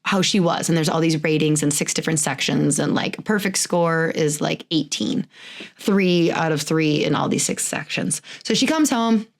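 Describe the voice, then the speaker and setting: A woman's voice: deep voice, normal speed, vocal fry. A woman in her thirties hosting a podcast, talking in a chatty, rambling way, with frequent "like"s and little laughs. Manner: laughs often while talking. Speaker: podcast host. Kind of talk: casual chat.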